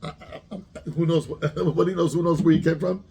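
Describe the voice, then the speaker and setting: Gravelly rabbi teaching a class. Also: male voice, a little high, fairly even intonation, brisk, mellow, slight background noise. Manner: asks the class questions, mixes Hebrew terms into English. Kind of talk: Torah class, lively explanation with questions to students.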